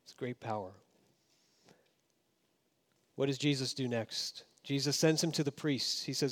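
A man preaching a sermon as pastor, swinging between emphatic raised passages and hushed, low asides. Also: measured pace, pauses often.

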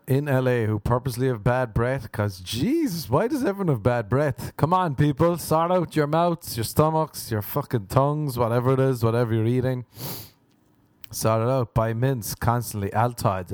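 A man's voice: medium pitch, a little mellow, no echo, studio quality. An Irish man hosting a podcast, rambling through a crude comedic monologue and slipping into silly voices. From Ireland. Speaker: podcast host. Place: living in Los Angeles.

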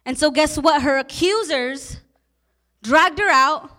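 A woman pastor preaching a sermon with passion, repeating lines and asking the listeners questions, at times turning soft and emotional. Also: high voice, takes it slowly.

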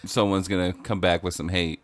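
A man's voice: low voice, level tone, a little fast, no room sound. A man co-hosting a casual podcast, laid-back and giggly, often trailing off mid-thought. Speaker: podcast co-host. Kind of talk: casual horror news chat.

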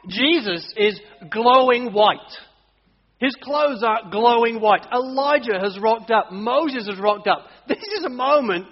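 A man preaching a sermon, telling stories with animated, acted-out voices. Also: extremely high pitch, unhurried. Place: church hall. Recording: dull audio, long church reverb.

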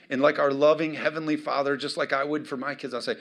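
A middle-aged man preaching a sermon as pastor, with emphatic swings between loud declarations and quiet asides. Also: fairly high pitch, quick pace.

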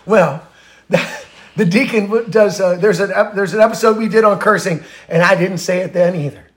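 A man co-hosting a podcast in casual chat, loose and quick to laugh, with stumbling restarts. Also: high voice. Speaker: podcast co-host. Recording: echoey room.

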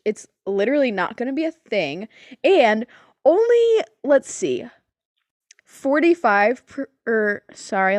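A young woman co-hosting a podcast in casual chat, animated, swearing and laughing often. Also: fairly high pitch, no echo. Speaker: podcast co-host.

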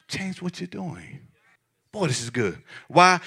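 A man preaching a sermon as pastor, lively and repetitive, with laughs and shouted emphasis. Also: medium pitch, moderate pace, creaky, husky.

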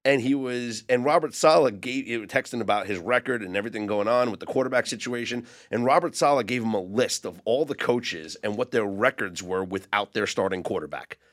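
A man's voice: medium pitch, brisk, few pauses, fairly bright tone. A man on a sports betting podcast panel, giving long, detailed explanations in casual chat.

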